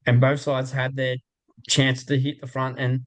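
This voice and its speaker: A man's voice: mid-range voice, monotone, a little slow, dry recording. An Australian man, a football commentator, chatting cheerfully with a ready laugh. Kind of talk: casual chat.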